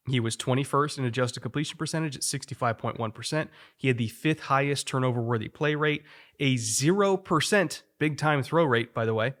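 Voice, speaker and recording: A man's voice: mid-range voice, fairly bright tone. A man hosting a football show, giving opinionated, stat-heavy analysis in casual chat with frequent restarts. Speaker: football podcast host.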